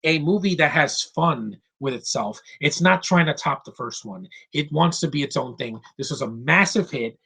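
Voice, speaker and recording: A man reviews films in an excited, ranting monologue. His voice is husky and sits a little high, and he swears freely and acts out bits of dialogue. He swings between loud outbursts and quieter grumbling. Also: moderate pace, few pauses. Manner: excited, animated, swears, acts out film lines. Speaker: film reviewer.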